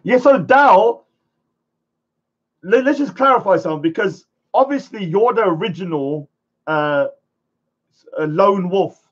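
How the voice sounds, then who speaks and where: A man hosting a live stream, chatting casually and rambling, sometimes shouting at viewers. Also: high-pitched, animated, a little slow, long pauses. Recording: dull lo-fi stream audio.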